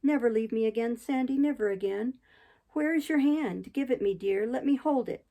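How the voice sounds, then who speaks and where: A woman's voice: a little high, normal speed, warm tone, lightly acted. A woman voicing a delirious dying man in a storybook reading, pleading tenderly and brokenly. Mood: longing.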